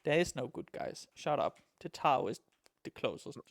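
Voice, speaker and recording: Excitable, cursing podcast co-host man. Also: a little high, moderate pace, gravelly. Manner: excitable, swears freely, jokey. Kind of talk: casual hobby podcast chat.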